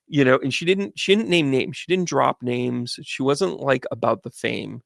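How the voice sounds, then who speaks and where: A man's voice: medium pitch, normal speed, gravelly, hardly any pauses, no echo, clean studio sound. A man hosting a casual livestream as a medium, chatting and rambling through stories with lots of restarts. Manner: rambling, animated, chatty storytelling.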